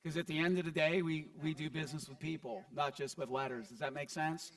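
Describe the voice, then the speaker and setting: Male seminar coach, slightly high-pitched, casual and conversational, stumbles and repeats words. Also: fairly even intonation, fairly quick, fairly bright tone, recorded from a distance. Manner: conversational, repeats words, acts out what he'd say. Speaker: multifamily investing coach. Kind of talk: live seminar feedback. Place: event stage before an audience.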